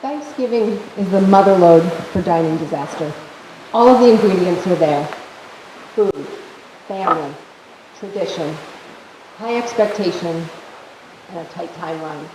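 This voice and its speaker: A woman telling a story on stage at a live event in a measured, deliberate way. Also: lowish voice, very echoey, very noisy.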